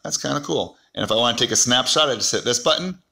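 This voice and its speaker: A man talks through a gadget demo in an easygoing, think-aloud way, with the odd filler. His voice is bright and forceful at a mid pitch. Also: lively intonation, fast talker, creaky. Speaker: product reviewer. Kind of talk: casual product demo.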